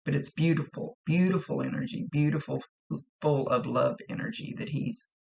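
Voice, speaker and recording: A woman psychic medium giving a gentle, reassuring spoken reading to a viewer, often repeating herself. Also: sits low, normal speed, creaky.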